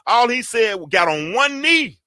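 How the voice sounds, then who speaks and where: A man's voice: very high-pitched, sing-song, unhurried, pushed and bright, no room sound, studio quality. A man hosting a show, teaching from the Bible in a preaching style, colloquial and building into emphatic, repeated lines. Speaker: host.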